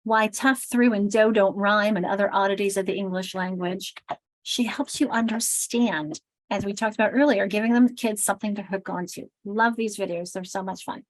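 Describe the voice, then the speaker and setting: An American woman runs a teacher training session, pronouncing everything with crisp, deliberate care. She shows sounds off aloud with lively emphasis. Her voice is close and dry, with no room around it. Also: mid-range voice, no echo, poor audio. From United States. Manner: enunciates very carefully and crisply. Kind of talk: workshop presentation.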